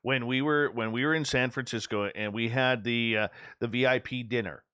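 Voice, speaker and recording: A man's voice: mid-range voice, normal speed, clean tone, dry recording, studio quality. A man hosting a radio talk show, joking around and chuckling along with his guest. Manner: jokey, expressive, chuckles along. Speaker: radio host. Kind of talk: casual radio chat.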